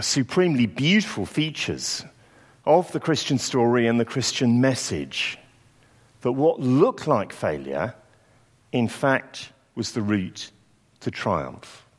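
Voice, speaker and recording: A man giving a sermon, telling a story in a reflective way and acting out quoted lines. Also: mid-range voice. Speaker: preacher. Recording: long hall reverb.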